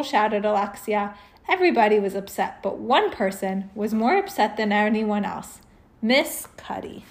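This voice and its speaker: A woman reading a children's chapter book aloud in a lively, animated way, with chatty asides. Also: medium pitch, a little slow.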